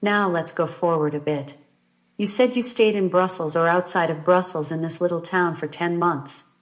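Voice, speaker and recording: A man's voice: sits high, normal speed, close to an everyday voice, low-quality recording. A woman reading as a patient male hypnotherapist. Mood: calm probing. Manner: patient, probing questions. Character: male hypnotherapist guiding a session.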